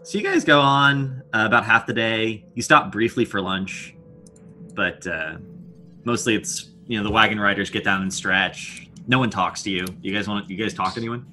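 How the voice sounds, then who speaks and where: A man narrates a tabletop game as dungeon master in a low, bright voice. His delivery is relaxed and wry, with faint music behind him. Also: moderate pace.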